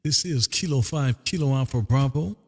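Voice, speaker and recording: A man's voice: mid-range voice, normal speed, darkish tone, in a large hall. Chatty man calling out on the radio. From Texas. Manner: drawling, repeats phrases, says "man" a lot. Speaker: ham radio operator and stream host. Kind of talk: casual on-air radio chat.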